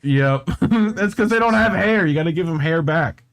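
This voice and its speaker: A man's voice: a little high, expressive. A man hosting a casual chat show, reacting to funny videos, swearing a lot and laughing often. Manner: swears constantly, laughs often, slow drawl. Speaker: podcast host.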